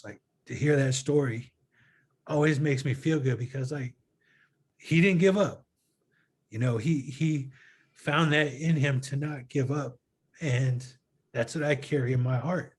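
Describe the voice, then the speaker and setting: A man in a relaxed conversation retells a friend's story, switching into quoted dialogue as he goes. His voice sits at a middle pitch and his delivery is earnest and animated. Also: husky. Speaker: guest filmmaker. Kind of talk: casual storytelling interview.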